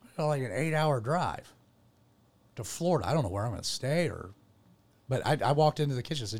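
A man's voice: mid-range voice, expressive, fairly quick, pauses often. A man hosting a podcast, telling a personal story in an earnest, rambling way with frequent restarts. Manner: earnest, rambling, self-correcting. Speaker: podcast host. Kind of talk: casual chat, personal storytelling.

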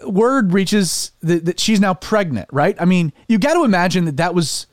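A man hosting a casual religious discussion show, talking in an animated way with many fillers and restarts. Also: sits high, normal speed, dry recording, studio quality. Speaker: podcast host.

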